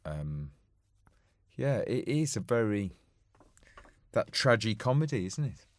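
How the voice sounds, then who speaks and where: A man's voice: on the low side, big pitch swings, slow pace, dry recording. A man co-hosting a casual film chat, wry and fond of tag questions. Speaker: podcast co-host.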